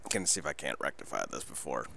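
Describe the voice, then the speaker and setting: A man hosting a wrestling podcast, talking through a casual solo review in a rambling, excitable way and swearing freely. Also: extremely low pitch, quick pace, gravelly, slight background noise.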